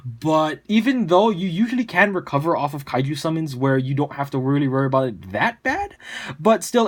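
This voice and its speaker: A young man running through a card deck breakdown at a rapid clip. He keeps it chatty and loose, piling on fillers and quick asides. His voice sits at an ordinary middle pitch. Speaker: deck profile presenter.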